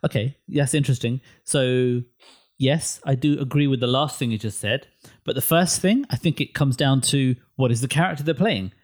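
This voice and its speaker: A man co-hosting a casual film chat, opinionated and animated, often restarting his words. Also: mid-range voice, moderate pace.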